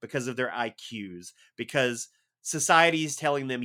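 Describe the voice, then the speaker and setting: A man chatting as a podcast guest, animated and self-deprecating, prone to tangents. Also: medium pitch, normal speed. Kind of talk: casual chat.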